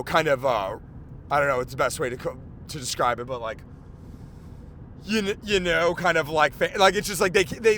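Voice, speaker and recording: A man hosting a podcast, rambling in casual chat with lots of swearing, fillers and excitable outbursts. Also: fairly high pitch, a little hiss or hum. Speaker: podcast host.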